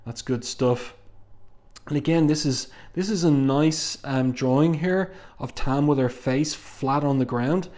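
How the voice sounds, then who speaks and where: A man giving a measured, panel-by-panel review of a comic book, pausing often with "um". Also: on the high side, a little mellow. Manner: measured, thoughtful, frequent "um" fillers.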